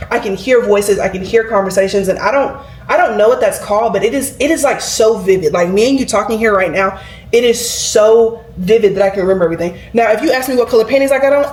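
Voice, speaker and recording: A woman, chatting and rambling to camera as a vlogger, with lots of "like" fillers. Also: mid-range voice. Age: 20s. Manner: chatty, rambling, heavy use of "like". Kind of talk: casual chat to camera. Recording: roomy echo.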